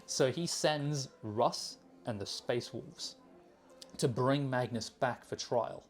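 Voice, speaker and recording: A man retells a long tale in casual podcast chat, stumbling and restarting as he goes. His voice sits at an ordinary pitch. Faint music runs underneath. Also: slow. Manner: rambling storyteller, restarts, acts out quotes. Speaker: podcast host explaining the lore.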